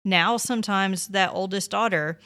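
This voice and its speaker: Speaking at normal speed with a medium pitch and a slightly bright sound, a woman in her thirties hosts a parenting podcast. She keeps things conversational and reassuring, dropping plenty of "you know" and "like" into her casual advice.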